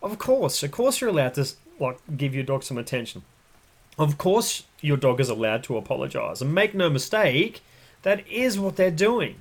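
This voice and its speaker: Aussie dog trainer guy on a podcast, talks blunt and emphatic, slightly high voice. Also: sing-song, moderate pace. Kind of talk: casual explanatory podcast talk.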